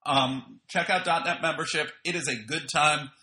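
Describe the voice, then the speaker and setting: A man's voice: a little high, steady tone, normal speed, pushed and bright, roomy sound. A man hosting a podcast, giving a casual, opinionated spoken review full of slang and fillers. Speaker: podcast host reviewing wrestling. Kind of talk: casual audio review monologue.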